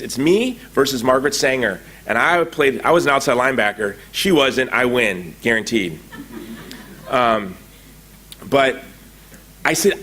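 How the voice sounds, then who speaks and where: A middle-aged man giving a conference talk, telling a story with lively acted-out quotes. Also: medium pitch. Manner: animated storytelling, acting out quoted dialogue. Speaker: conference speaker. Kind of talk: anecdotal public talk. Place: conference hall.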